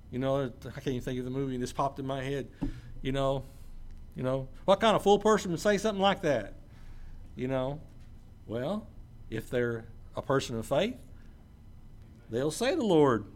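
Male preacher, a touch high-pitched, reads scripture and talks it through in a casual way. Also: expressive, moderate pace, pauses often. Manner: conversational asides, checks in with listeners. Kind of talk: sermon with scripture reading.

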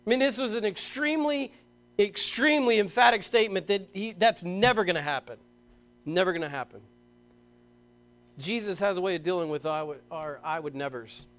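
Pastor, male, middle-aged, higher-pitched, lively sermon delivery with emphatic outbursts. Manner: animated storytelling, emphatic bursts, reads scripture slowly.

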